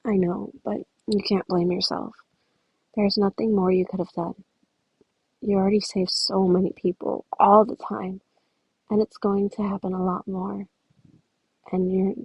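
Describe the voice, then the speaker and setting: Withdrawn brooding teen boy, read by a woman; quiet, gravelly, husky. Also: mid-range voice, dry recording, highs cut off, full character voice.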